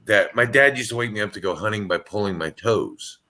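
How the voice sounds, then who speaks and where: A man tells a personal story over a video call, his voice bright and clear. He talks casually and haltingly, often restarting and repeating words. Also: on the low side. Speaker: caller sharing a story.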